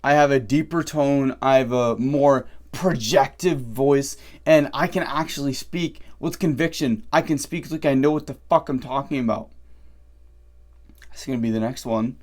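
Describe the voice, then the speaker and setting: A young man vlogging from his bedroom with brash, profane advice, calling the listener "bro" and swinging between mumbling and yelling. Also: medium pitch, moderate pace. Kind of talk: ranting motivational vlog.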